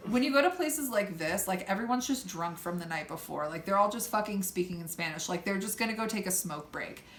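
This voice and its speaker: A young woman telling a story in a casual chat, loud and animated, swearing freely and acting out the people she quotes. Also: medium pitch, brisk. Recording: echoey room, faint background hum.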